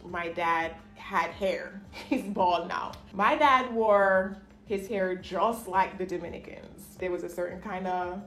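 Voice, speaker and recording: A woman's voice: on the low side, slow, fairly bright tone, soft background music. A woman telling personal stories to camera in a casual vlog, chatty, laughing often and acting out the voices of people she quotes. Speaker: vlogger. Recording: echoey room with faint ambient noise.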